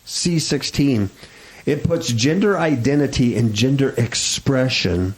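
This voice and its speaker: A man's voice: mid-range voice, animated, measured pace, low-quality recording. A man hosting a radio talk show, chatting casually in a sarcastic, mocking way. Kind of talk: casual chat.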